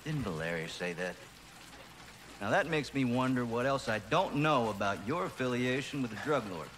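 An actor playing a smug menacing commander. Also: male voice, medium pitch, normal speed, slight background noise, close to an everyday voice. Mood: menacing calm. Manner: calm, condescending, threatening. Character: smug menacing military commander, adult man.

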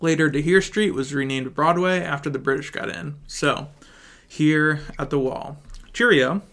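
A man reading a film script aloud with his mouth full of chewing gum, his throat dry, in a flat, hurried read. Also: on the high side. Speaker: video creator.

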